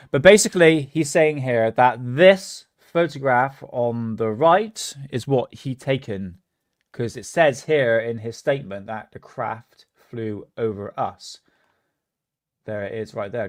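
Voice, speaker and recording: A man's voice: mid-range voice, a little slow, no room sound. A man talks loosely through a livestream, teasing and laughing at what he shows. His voice sits mid-range. The sound is dry and close. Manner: chatty, mocking, laughs often. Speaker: livestream host. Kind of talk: casual livestream commentary.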